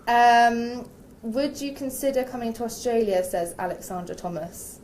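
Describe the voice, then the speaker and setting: A woman's voice: fairly high pitch, moderate pace, a little mellow. Playful woman interviewer reading fan questions. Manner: playful, teasing, laughs often. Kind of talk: casual interview chat.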